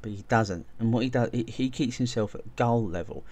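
A man's voice: mid-range voice, a little fast, a little mellow. A man hosting a video essay, talking casually and enthusiastically, often restarting and repeating words as he goes. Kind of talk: casual spoken video commentary.

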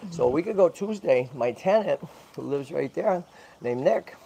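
A man's voice: fairly high pitch, lively intonation, normal speed, gravelly, slight background noise. A man hosting a casual livestream who chats and keeps checking in with "right?" and "okay?", cooing to a baby squirrel as he handles it. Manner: coos softly to the animal. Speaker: channel host and tortoise rescuer.

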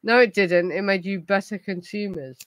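A woman's voice: mid-range voice, moderate pace, no room sound, low-quality recording. A woman hosting a casual livestream chat, tipsy and ranting with rambling, heavy swearing. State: tipsy from gin. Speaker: host of a true crime livestream.

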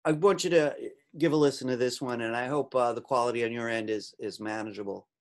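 A man teaching an online class, talking casually with many fillers while he demonstrates software. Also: mid-range voice, steady tone, quick pace. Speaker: instructor.

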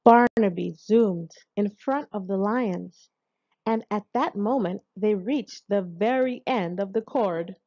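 A woman narrating a children's storybook aloud in a slow, expressive read-aloud manner. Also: a little high, highs cut off. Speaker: audiobook narrator.

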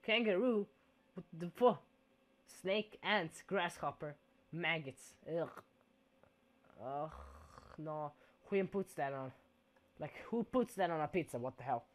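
A man's voice: fairly high pitch, expressive, unhurried, pauses often. A man giving casual gameplay commentary in a goofy, playful way, dropping mock-Italian exclamations.

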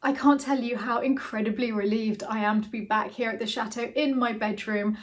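A woman's voice: fairly high pitch, brisk, poor audio. A tired woman vlogging a travel diary, talkative and emotional. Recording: steady background noise.

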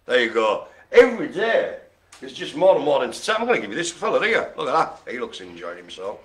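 A man's voice: mid-range voice, very animated, quick pace, a bit bright. A man hosting a live online bingo show, cracking puns and making silly noises between calls. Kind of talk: jokey live bingo calling.

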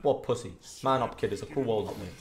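A young British man streaming a game, commentating live with profane trash talk and sudden shouts. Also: fairly low pitch, fast. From Britain. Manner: trash-talking, profane, erupts into shouts and sing-song bits. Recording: roomy with faint background hiss.

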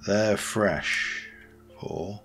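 A man's voice: fairly low pitch, extremely slow, a bit bright, faint music behind. A man rambling casually as he plays a game, thinking aloud and correcting himself. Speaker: Minecraft let's play host. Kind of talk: casual gameplay commentary.

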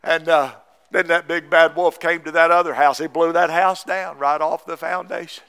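Fervent preacher man, clear voice. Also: on the high side, steady tone, moderate pace. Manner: fervent Southern preaching, rising to shouts. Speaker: pastor. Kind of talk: sermon. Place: church sanctuary.

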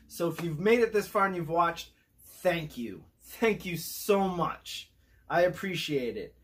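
A man hosting a casual food review vlog, excitable and talking while he chews. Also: a little high, a little slow. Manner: excitable, talks while chewing.

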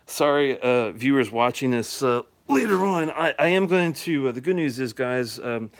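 A man's voice: medium pitch, animated, measured pace. A man hosting a casual live whisky show, talking in a rambling, chatty way with lots of fillers and chuckles. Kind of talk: casual live-stream chat. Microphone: phone or handheld device he plugs in and holsters.

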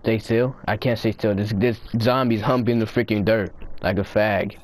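A man giving rowdy, profane commentary while playing a game, often breaking into loud high-pitched yells. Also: steady tone, moderate pace. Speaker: gamer recording his play. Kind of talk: casual gaming commentary.

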